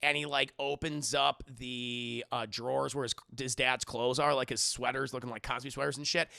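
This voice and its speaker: A man's voice: mid-range voice, level tone, normal speed, vocal fry, pushed and bright, clean tone, dry recording, studio quality. A man casually recapping a film's plot as a reviewer, rambling and crude, laughing often. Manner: rambling, crude, laughs a lot, acts out lines. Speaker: movie reviewer.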